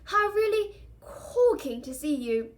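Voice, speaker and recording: A woman's voice: fairly high pitch, moderate pace, close to an everyday voice. A woman voicing a cheeky teenage boy joker in a read-aloud novel who teases in a mock-posh tone. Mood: teasing.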